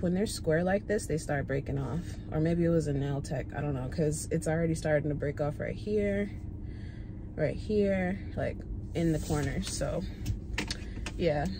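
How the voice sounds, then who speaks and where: A woman chatting casually to her vlog camera, blunt and talkative, swearing freely and addressing viewers as "y'all". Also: on the low side. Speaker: vlogger. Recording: noisy background.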